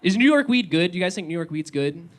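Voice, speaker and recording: A young man doing a stand-up comedy set, excitable and given to yelling. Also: high voice, fast, slight background noise. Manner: excitable, rising to yells. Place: small comedy venue with live audience.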